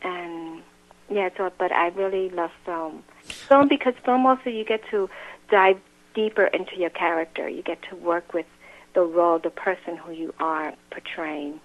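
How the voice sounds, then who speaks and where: A woman's voice: lowish voice, normal speed. Woman on a tinny phone line. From grew up in a Latin music home, now New York. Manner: warm, laughs often, many restarts. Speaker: actress and guest. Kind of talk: casual interview chat.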